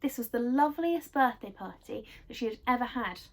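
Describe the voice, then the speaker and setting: A woman reading a children's book aloud, telling it expressively and softly. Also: fairly high pitch, lively intonation, fairly quick. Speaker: storyteller.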